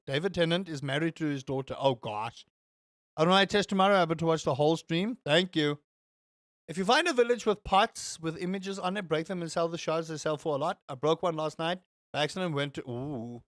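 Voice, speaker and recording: A young man streaming and chatting casually with his viewers, rambling and animated with exaggerated exclamations. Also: high-pitched, dry recording, clean studio sound. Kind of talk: casual chat with live chat.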